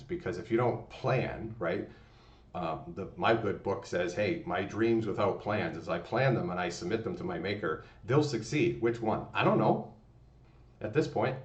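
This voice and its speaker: A man hosting a motivational channel, giving a rambling, folksy pep talk full of fillers and restarts. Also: lowish voice. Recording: distant, roomy, dull lo-fi sound.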